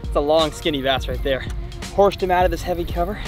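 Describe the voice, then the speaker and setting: With music playing behind him, a young man talks a little fast in a fairly high voice. He's a fishing vlogger giving excited commentary on his own outdoor river trip, full of exclamations and repeated phrases.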